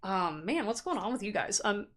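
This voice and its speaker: A woman giving a casual pick-a-card tarot reading in a chatty, animated way, laughing often and playfully acting out quoted thoughts. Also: medium pitch, moderate pace. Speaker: tarot reader.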